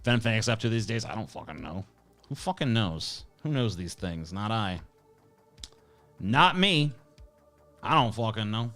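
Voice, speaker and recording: Sweary, scornful man with a bright voice. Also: lowish voice, sing-song, moderate pace, long pauses, faint music behind. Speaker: host. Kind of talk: profane ranting commentary.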